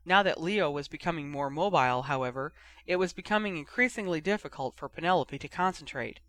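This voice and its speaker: A man reading a story aloud as narrator in a steady, even manner. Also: fairly high pitch, brisk. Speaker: audiobook reader.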